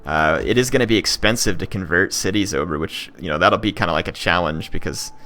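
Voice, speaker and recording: A man's voice: deep voice, a little fast, pushed and bright. A young man giving casual let's-play commentary on a strategy game, thinking aloud with many fillers and restarts. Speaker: gaming channel host.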